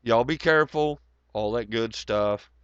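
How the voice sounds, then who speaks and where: A man hosting a casual livestream. His voice is hoarse and nearly gone, and he rambles in a sardonic, profane way. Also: mid-range voice, unhurried, no room sound, dull audio. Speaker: livestream host.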